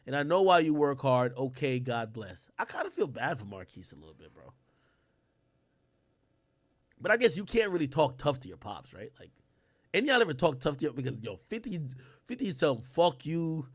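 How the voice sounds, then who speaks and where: A man co-hosting a livestream who reads text messages aloud and reacts loudly, using heavy slang and cursing. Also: medium pitch, very animated, a little fast, pauses often, no room sound. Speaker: livestream co-host. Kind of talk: casual livestream commentary, reading texts aloud.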